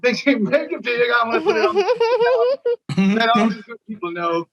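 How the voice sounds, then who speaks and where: A woman's voice: a little high, animated, moderate pace, dull audio, over a noisy crowd. A woman doing a rambling stand-up bit and giggling between jokes. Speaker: stand-up comedian. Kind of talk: stand-up set.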